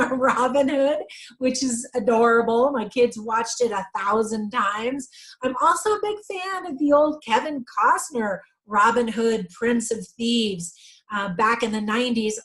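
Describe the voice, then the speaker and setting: A woman's voice: fairly high pitch, fairly bright tone, poor audio. A middle-aged woman giving a casual movie review, chatty and full of ums, correcting herself as she goes.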